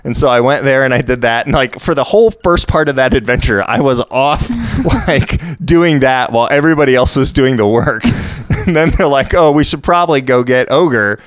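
Smooth-voiced guy telling a game story. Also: medium pitch, a little fast, no room sound. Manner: animated storyteller, lots of "like". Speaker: podcast co-host. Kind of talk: casual chat, recounting a tabletop game.

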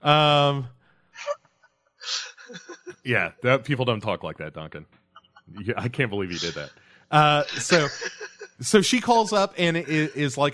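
A man's voice: medium pitch, sing-song, unhurried, long pauses, fairly bright tone, a little hiss or hum. A man, recapping a TV episode in a casual podcast chat, rambling with many fillers. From United States. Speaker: podcast co-host.

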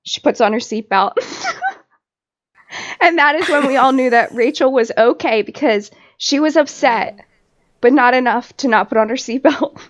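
High-voiced woman recapping with laughter. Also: normal speed. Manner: animated storytelling, laughs often. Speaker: podcast host. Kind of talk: casual recap chat.

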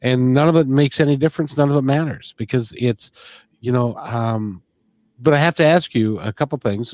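A man's voice: mid-range voice, darkish tone, no echo. Earnest man hosting a talk show. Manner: earnest, repeats words while thinking. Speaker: podcast host. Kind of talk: casual spiritual conversation.

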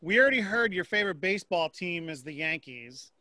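A male podcast host in a casual interview, upbeat and asking quick questions. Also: high voice, animated, pushed and bright, no echo.

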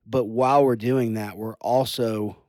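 A man's voice: medium pitch, steady tone, measured pace, dark tone, no echo. Earnest male youth pastor, dry sound. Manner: earnest, preaching in a conversational way. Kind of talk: casual conversation.

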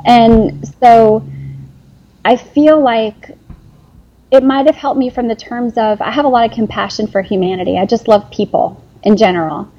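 A woman's voice: on the high side, steady tone, normal speed, mellow, dull audio. A woman in her forties, a former nurse and company founder, talking earnestly in an interview, rambling with restarts and fillers. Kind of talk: emotional interview conversation.

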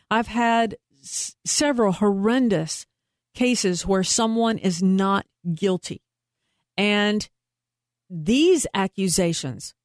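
An earnest, emphatic woman speaking as an investigator being interviewed. Her voice sits at an ordinary middle pitch. The sound is dry and close, with no room around it. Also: a little mellow, no echo. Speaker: private investigator and guest. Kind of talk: interview conversation.

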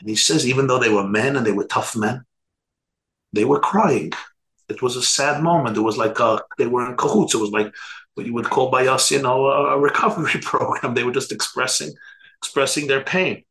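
A man's voice: medium pitch, fairly quick, fairly bright tone, rough recording. A man, a rabbi, giving an earnest storytelling talk that retells anecdotes.

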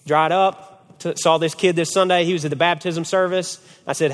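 A man preaching as a family pastor, his voice sitting a little high for a man. He tells stories in an animated way and keeps checking in with "okay?". His words carry with a long reverb through the church hall. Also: normal speed. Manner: animated storytelling, repeated "okay?". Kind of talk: sermon to a men's group.

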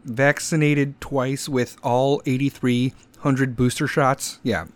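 A man's voice: medium pitch, little pitch movement, slow pace. A man hosting his own podcast, talking straight into the microphone in a casual, profane, rambling and sarcastic rant. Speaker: podcast host. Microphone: podcast microphone, pop filter.

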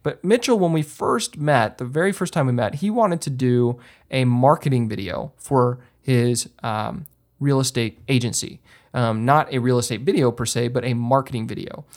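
A man hosting a podcast, giving casual how-to advice in an emphatic way, with lots of ums and restarts. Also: moderate pace. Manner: lively swings up in pitch when stressing a point. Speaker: podcast host and filmmaker. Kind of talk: casual instructional talk.

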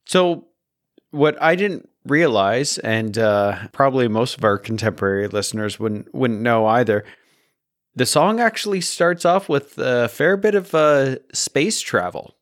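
A man co-hosting a casual podcast, agreeable and quick to chime in. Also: mid-range voice, animated. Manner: agreeable, lots of fillers and backchannels. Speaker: podcast co-host. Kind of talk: casual chat.

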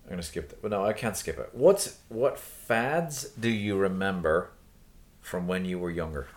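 A low-pitched man with a very lively, swooping delivery, telling stories in relaxed podcast chat. He laughs often and jumps into little character voices as he goes. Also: normal speed. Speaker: podcast co-host. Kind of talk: casual storytelling chat.

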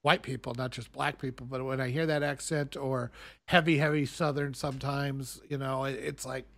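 A man casually chatting about films as a podcast co-host, earnest and explaining at length with halting restarts. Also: mid-range voice, level tone, gravelly, a bit bright.

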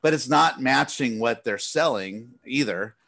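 A man in casual podcast chat, letting off steam in a long profane rant. His pitch sits in an ordinary middle range, and he slips into quick voices for the people he complains about. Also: expressive, vocal fry, a bit bright. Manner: profane ranting, mimics others in quotes. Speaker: podcast co-host.

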